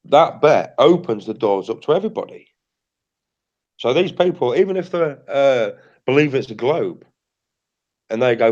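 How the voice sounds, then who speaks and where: A man's voice: mid-range voice, lively intonation, moderate pace, pauses often, a little mellow, dull audio. A British man hosting a livestream in casual chat, blunt and repetitive, swearing freely. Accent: British English. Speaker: livestream host.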